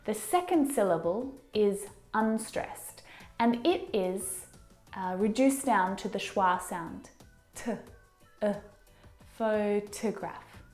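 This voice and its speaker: Brief: woman pronunciation teacher, unhurried, models each word, echoey room, soft music behind. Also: on the high side. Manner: slow, deliberate, models words by repeating them. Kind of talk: English pronunciation lesson.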